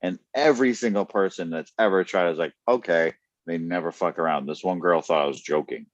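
Deep-voiced, blunt, swearing man. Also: fairly quick, no echo, dull audio. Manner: blunt, profane storytelling with laughs. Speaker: podcast guest. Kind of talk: casual chat.

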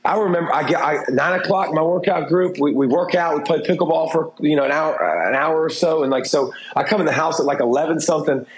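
A former TV football analyst, middle-aged, is a fast talker with a fairly high voice and few pauses as he speaks candidly in a casual interview. He rambles with fillers and restarts; the recording is roomy and echoey, with slight background noise.

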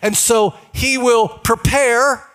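A man's voice: very high-pitched, steady tone, slow pace, fairly bright tone, clear, resonant tone. A male pastor preaching a sermon in a conversational way, often putting questions to the congregation.

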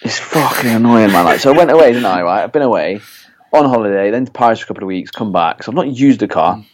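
A man's voice: on the low side, animated, quick pace. A young man co-hosting a podcast, rambling and swearing as he vents in casual chat. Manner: swears freely, rambling venting. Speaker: podcast co-host.

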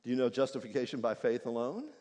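A preacher putting on a fussy, suspicious male angel guarding the gate, officious and full of questions. The voice drops lower and quieter than the preacher's own, and a long hall echo trails each word. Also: lively intonation, quick pace, lightly acted.

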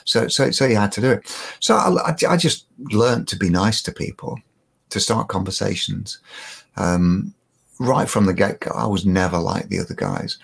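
A man's voice: lowish voice, moderate pace, creaky, husky. An older man, a guest telling stories in a rambling, self-mocking way, full of restarts. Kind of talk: casual storytelling.

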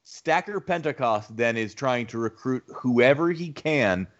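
A man hosting a casual podcast, recapping a film plot in a steady, rambling way with fillers. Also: mid-range voice, unhurried, dull audio. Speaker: podcast host.

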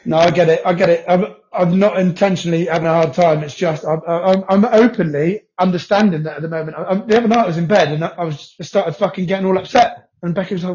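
Fast-talking man, high and swearing. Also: darkish tone. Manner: swears freely, quick rambling talk. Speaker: podcast co-host. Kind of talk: casual chat. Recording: dull lo-fi audio.

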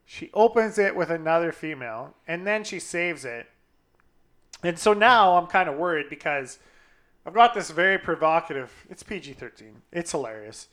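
A young man co-hosting a casual chat, telling a profane story with lively acted-out quotes. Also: fairly high pitch, moderate pace. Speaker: podcast co-host.

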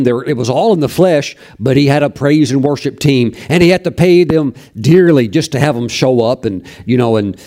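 Male preacher, folksy storyteller, mellow tone, lots of restarts. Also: medium pitch. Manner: folksy, anecdotal, many restarts. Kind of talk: sermon storytelling.

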